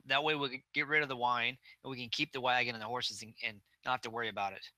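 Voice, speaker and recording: Bright-voiced man playing a tabletop game. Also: medium pitch, steady tone, fast talker, no room sound. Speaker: player. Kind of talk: casual tabletop role-play.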